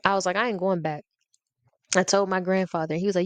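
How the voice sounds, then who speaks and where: A young adult woman telling a comic story as a podcast host, animated and acting out the voices, laughing often. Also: on the low side, fast talker, no echo. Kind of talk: comedic storytelling rant.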